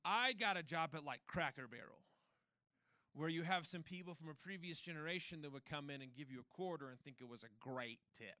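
A man's voice: on the high side, fairly quick, pushed and bright, no room sound. A young man preaching a sermon as pastor, in a conversational, self-deprecating storytelling manner.

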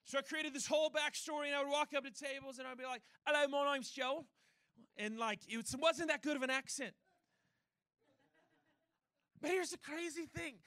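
A young man delivers a sermon in a relaxed, conversational, self-deprecating way. His voice sits very high and rings bright. The sound is dry and close, with no room around it. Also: no echo. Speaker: pastor.

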